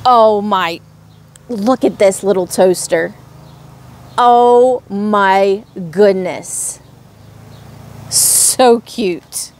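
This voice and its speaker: Slow, gushing woman showing off charms. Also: mid-range voice, darkish tone. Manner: gushing, slow and drawn-out exclamations. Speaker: crafts vlogger. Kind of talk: casual haul video.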